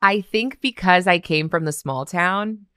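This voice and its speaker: A woman's voice: fairly low pitch, a little slow, pushed and bright, clear, resonant tone, no echo, clean studio sound. A woman from Canada, a podcast guest, telling stories in casual chat and laughing often. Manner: storytelling, laughing often, acting out quotes.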